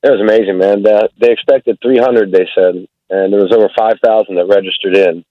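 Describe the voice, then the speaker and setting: A male caller phoning in to a radio show, talking in an excited, casual way. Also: lowish voice, a little fast, no room sound. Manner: excited, casual, says "man". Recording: tinny phone line.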